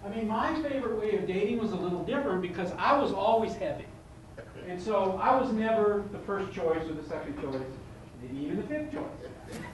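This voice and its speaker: A motivational speaker addresses a live audience at a seminar in a large event room, telling humorous stories and acting out the dialogue. His voice sits high, with lively intonation and a slightly fast pace. The recording sounds like an echoey hall captured from far away, with faint noise.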